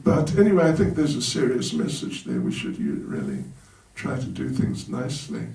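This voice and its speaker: A man's voice: mid-range voice, huge pitch swings, normal speed, gravelly, mellow. A man, a monk, telling humorous stories in a sermon at a temple and chuckling at his own jokes. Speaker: monk giving a talk at a temple. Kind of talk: storytelling sermon. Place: temple hall. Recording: roomy hall, voice from a distance.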